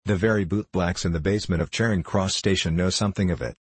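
A man's voice: sits low, steady tone, quick pace, breathy edge, dry recording. A man reading an audiobook, voicing a scheming, contemptuous foreign diplomat who speaks in a guttural, mocking, condescending way.

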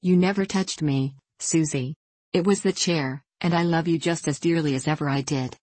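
Clumsy sweet little girl in a storybook, low voice, dry close sound, woman reading her. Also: moderate pace, darkish tone, no room sound.

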